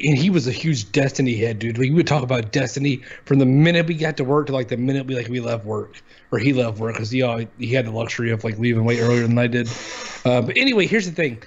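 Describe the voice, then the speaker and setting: A man's voice: mid-range voice, fast, a little hiss or hum. A man in his thirties co-hosting a casual chat show, talking bluntly, dismissively and with a lot of swearing. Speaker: podcast co-host. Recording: dull lo-fi audio.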